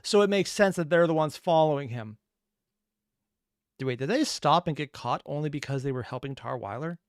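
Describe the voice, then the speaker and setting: Sarcastic male reaction host, crisp and dry. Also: fairly high pitch, animated, moderate pace, no echo. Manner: sarcastic, joking asides. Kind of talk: casual commentary.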